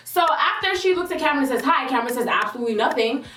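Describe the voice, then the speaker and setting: A young woman spins a storytime for her viewers, sassy and animated, jumping into high exclaiming bursts when she quotes people. Her voice sits high and sounds a little distant, bouncing around an echoey room. Soft music plays underneath. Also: rapid-fire, slight background noise. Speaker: vlogger telling a story. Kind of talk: storytime vlog, casual chat.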